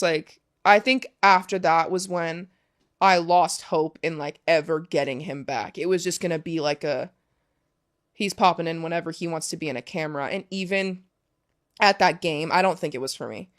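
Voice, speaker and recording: A woman's voice: on the low side, fairly quick. Candid young woman telling a story. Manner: candid, swears freely, heavy use of "like". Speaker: guest, professional soccer player. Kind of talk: casual storytelling interview.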